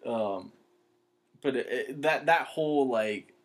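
A man's voice: medium pitch, slow pace. A young man telling rambling, profane stories in casual chat, full of fillers and restarts.

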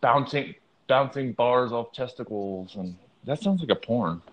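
Unhurried male co-host trading quick jokes. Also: medium pitch, highs cut off. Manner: chiming in with quick jokes and sound effects. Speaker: podcast co-host. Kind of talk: comedic casual banter.

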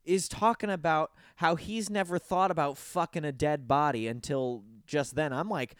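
A man hosting a podcast in casual chat, animated and swearing, jumping into high squeaky voices to mimic people. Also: moderate pace, clear, resonant tone, no echo, studio quality. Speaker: podcast host.

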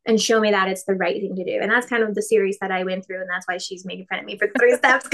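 A woman's voice: mid-range voice, steady tone, fast talker, few pauses, fairly bright tone. A woman in her thirties co-hosting a casual faith podcast, chatty, laughing often and acting out quotes. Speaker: podcast co-host.

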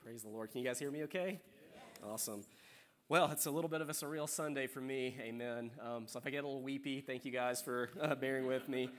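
In a church sanctuary, a young worship leader from South Carolina preaches in a warm, chatty manner, trading jokes with the congregation. His mid-range voice carries a faint Southern accent, holding a steady tone at a quick pace.

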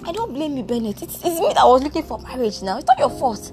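Woman playing a betrayed Nigerian young woman; high, lively, tearful scorn. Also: fast, soft background music. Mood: tearful hurt. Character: betrayed young woman, angry and heartbroken fiancée. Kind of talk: one-woman comedic drama.

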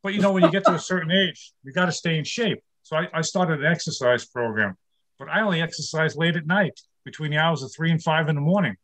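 A man's voice: on the high side, fast, fairly bright tone. A man in his sixties from New York City doing a stand-up comedy set over a video call from his home studio, firing off one-liners and laughing at his own jokes. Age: 60s. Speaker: stand-up comic.

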